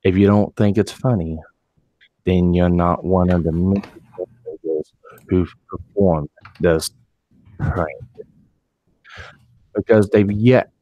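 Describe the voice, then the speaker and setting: Man doing a very deep, slow, deadpan sultry reader voice, dry close sound. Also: no room sound. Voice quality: low, slow, deadpan delivery. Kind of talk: reading an article aloud in a put-on voice.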